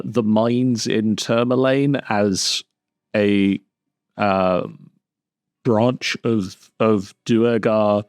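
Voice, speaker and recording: A man narrating a tabletop game as dungeon master on a live stream, in an unhurried way with pauses. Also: fairly low pitch, darkish tone, no room sound, studio quality.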